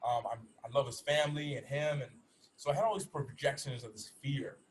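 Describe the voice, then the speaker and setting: A man's voice: mid-range voice, fairly even intonation, a little hiss or hum, rough recording. A man in his thirties speaking to an audience as a motivational speaker, telling a personal story earnestly, with frequent restarts. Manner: earnest, rapid, with many restarts. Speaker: motivational speaker and former athlete. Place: in Bali.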